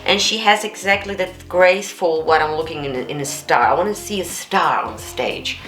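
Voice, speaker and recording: A woman vocal coach with a fairly low, slightly bright voice reacts to a performance at a moderate pace. She's enthusiastic and chatty, repeating words often, recorded in an echoey room with faint music.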